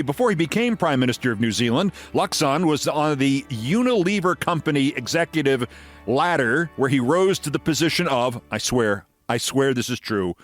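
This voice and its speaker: A man in his sixties delivers commentary with biting sarcasm and theatrical emphasis. His pitch swings widely as he speaks, and a faint bed of music plays beneath him. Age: 60s. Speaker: host. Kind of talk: political commentary and story reading.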